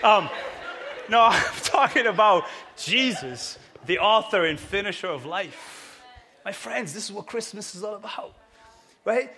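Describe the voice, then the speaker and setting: A man preaching a sermon to a congregation, energetic and often shouting. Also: high-pitched, a little slow. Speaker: pastor. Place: church hall with congregation.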